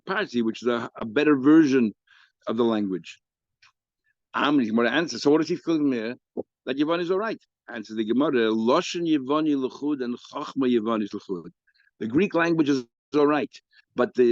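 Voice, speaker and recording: A man teaching a daily Talmud class, explaining the text and rising in pitch and volume whenever he reads a quoted passage. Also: no echo. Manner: explanatory, rises in pitch and volume when reading quoted Aramaic. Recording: dry, slightly dull recording.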